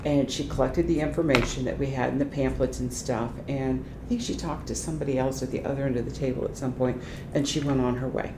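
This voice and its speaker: Older woman, low voice, lively anecdotal storytelling, oral history interview, echoey room, faint rumble. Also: fast talker, few pauses. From Ohio, United States. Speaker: retired transition specialist.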